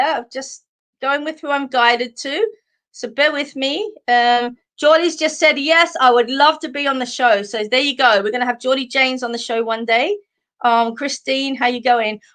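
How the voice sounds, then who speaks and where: An Australian woman hosting a live stream of psychic card readings, talking in a warm, chatty way, full of fillers, and calling viewers sweetheart. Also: sits high. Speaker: psychic medium host.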